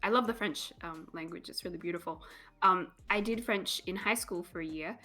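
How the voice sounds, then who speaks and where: A woman's voice: on the low side, moderate pace, pushed and bright, faint music behind. A woman co-hosting a stream, teasing playfully and reading out viewers' comments. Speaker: co-host reading chat. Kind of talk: casual live-stream chat.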